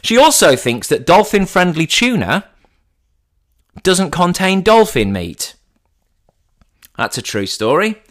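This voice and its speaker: A man's voice: high-pitched, big pitch swings, slow, pauses often. A man in his thirties hosting a podcast, telling a story in a chatty, teasing way. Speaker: podcast host. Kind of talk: comic storytelling.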